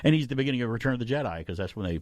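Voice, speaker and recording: A man's voice: mid-range voice, lively intonation, rapid-fire, darkish tone, dry recording. A man hosting a casual radio talk show, chatting enthusiastically and laughing often.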